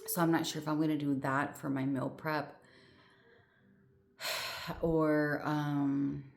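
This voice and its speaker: A woman's voice: sits low, flat delivery, takes it slowly, vocal fry. A woman chatting casually to her viewers, rambling with lots of fillers and restarts, sounding short of breath. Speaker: vlogger. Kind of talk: casual chat to camera.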